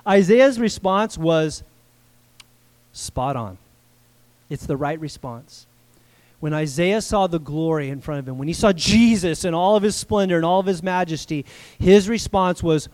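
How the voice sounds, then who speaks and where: A man preaching a sermon to a congregation, conversational and energetic, building to loud cries at times. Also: high-pitched, normal speed. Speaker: pastor.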